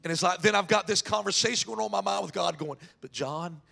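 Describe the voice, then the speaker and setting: A man preaching as a pastor, candid and emotional, swinging from hushed confession to raised shouts. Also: sits high, rapid-fire, creaky, soft background music. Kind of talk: sermon.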